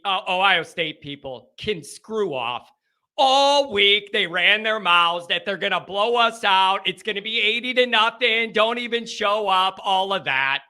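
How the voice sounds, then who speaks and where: A man's voice: high voice, bright, forceful tone. A man hosting a live sports talk show, exasperated and rambling, with sighs between thoughts.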